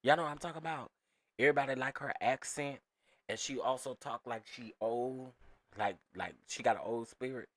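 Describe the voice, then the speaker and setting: Male host, mid-pitched, doing emphatic casual reaction commentary. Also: fairly quick. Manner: emphatic, repeats phrases, talks straight to viewers as "y'all".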